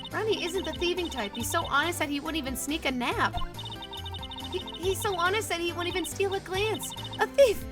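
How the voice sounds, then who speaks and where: A woman voicing a lovestruck, doting wife in a video game, with a put-on Southern American lilt and a breathy, sing-song gush. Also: high voice, natural voice. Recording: game music underneath.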